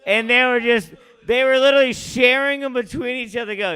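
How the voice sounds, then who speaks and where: A man hosting an open mic, doing rambling stand-up with quick asides. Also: very high-pitched, sharp tone, smooth. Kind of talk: stand-up comedy.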